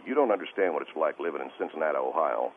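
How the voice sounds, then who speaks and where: A male caller on a radio show, talking in a halting, stammering and distressed way over the phone. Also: very deep voice, lively intonation. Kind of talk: call-in radio conversation. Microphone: telephone. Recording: tinny phone line with faint hiss.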